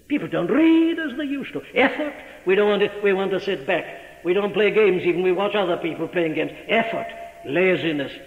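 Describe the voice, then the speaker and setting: Man preaching in a booming old hall recording. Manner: emphatic, rhetorical questions to the listener. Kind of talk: sermon. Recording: dull old recording, long hall reverb.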